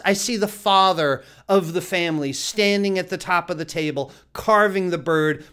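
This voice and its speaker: A male chef giving a casual cooking lesson, chatty and lively, laughing often and restarting his sentences. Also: high voice.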